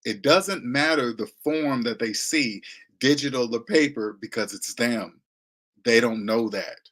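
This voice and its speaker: Dude ranting about money, slangy n blunt, kinda mocking, regular pitch. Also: male voice, unhurried, a bit bright. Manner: blunt, lecturing, slangy, mocking voices he imitates. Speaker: finance commentator. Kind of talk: casual monologue.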